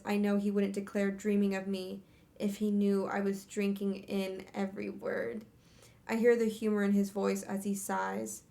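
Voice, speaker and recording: A woman's voice: mid-range voice, creaky. Young female streamer, home setup, first-person novel reading with offhand breaks. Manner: reads in first person, breaks off to laugh and curse. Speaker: streamer hosting a book club reading. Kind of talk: reading a novel aloud with casual asides.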